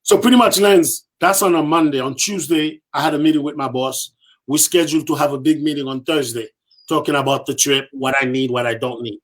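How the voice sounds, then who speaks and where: A man on a podcast tells a story with real animation, repeating phrases for emphasis and slipping into the voices of the people he quotes. His voice sits a bit high for a man. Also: fairly even intonation, brisk. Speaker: podcast guest.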